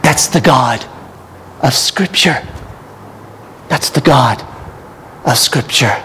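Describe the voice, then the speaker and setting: A man's voice: medium pitch, sharp tone, a little hiss or hum. A man preaching a sermon, building to emphatic repeated appeals, then leading an altar call and prayer. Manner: slow, with rising emphatic repetitions.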